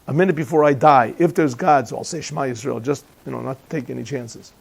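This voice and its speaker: Speaking quickly in a mid-range voice that's creaky and husky, a rabbi leads a Chassidic lecture in a yeshiva classroom. He jokes around, stays conversational, and regularly quizzes his audience.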